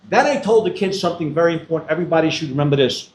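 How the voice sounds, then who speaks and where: A man's voice: on the high side, expressive, quick pace, hardly any pauses, a little mellow. An older man giving a storytelling address to students as a guest speaker, acting out the dialogue in his stories. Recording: roomy hall echo.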